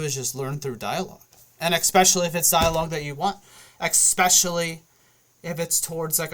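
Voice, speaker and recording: A man's voice: on the high side, fairly bright tone. A man talking casually straight to the camera in a loose, rambling monologue full of fillers. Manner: loose, filler-heavy, often checks in with "okay?". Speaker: vlogger.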